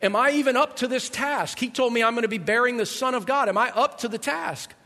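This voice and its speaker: Worried young woman played by a male preacher, stream of fearful questions, high bright voice, echoey hall. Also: full character voice. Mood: anxious. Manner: worried, rapid string of questions. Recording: long hall reverb.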